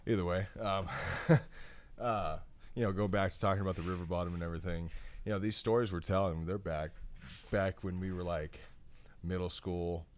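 A man's voice: low-pitched, fairly even intonation, normal speed. A man in his thirties, a podcast co-host chatting casually in a laid-back, rambling way. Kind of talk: casual chat.

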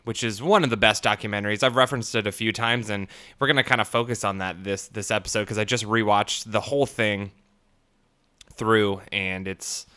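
A man's voice: lowish voice, fairly even intonation, brisk, pushed and bright, clear, resonant tone. A man hosting a podcast solo, rambling with many fillers and crude jokes, talking through a swollen split lip. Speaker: podcast host. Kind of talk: casual podcast monologue.

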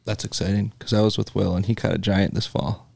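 Deep-voiced podcast co-host man. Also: brisk, vocal fry, dry recording. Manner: relaxed, chatty, with many restarts. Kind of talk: casual chat.

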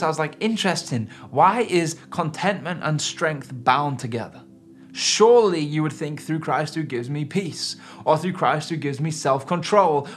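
A man's voice: fairly high pitch, fairly bright tone. A man preaching a sermon in an earnest, emphatic way. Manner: earnest, emphatic preaching with rising and falling intensity. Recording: faint music underneath.

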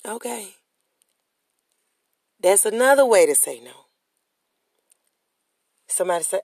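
A woman's voice: mid-range voice, expressive, takes it slowly, gravelly, long pauses, a little mellow, breathy edge, dry recording. A woman giving a motivational monologue to viewers in a casual, slangy way, emphatic and repetitive, leading her listeners in call-and-response chants. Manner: casual, slangy street talk. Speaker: motivational speaker.

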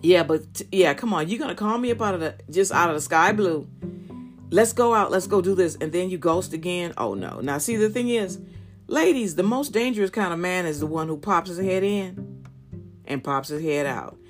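A candid middle-aged woman talks straight to her listeners on her podcast, sharing dating advice in a lower, fuller voice. Her delivery is animated and frank. Soft guitar music plays behind her. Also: moderate pace. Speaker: podcast host. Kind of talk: personal storytelling and dating advice.

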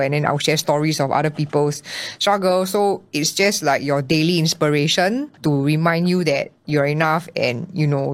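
A young woman with a Singaporean accent, telling her personal story as a podcast guest in a lively way and acting out her own past thoughts. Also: sits low. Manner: animated storytelling with acted-out quotes. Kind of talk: candid personal interview.

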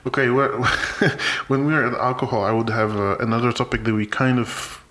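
Halting, word-searching male podcast co-host. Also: medium pitch, fairly even intonation, a bit bright. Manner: halting, repeats words while searching for phrasing. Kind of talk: casual chat.

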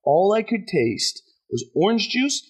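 A man's voice: sits high, sing-song, a little slow, slightly rough. A young man hosting a podcast, telling a story in casual chat and laughing at himself as he goes. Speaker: podcast host.

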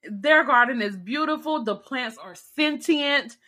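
A woman co-hosting a podcast in a casual chat, talking in an expressive way. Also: high-pitched, unhurried. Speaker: podcast co-host reviewing a film.

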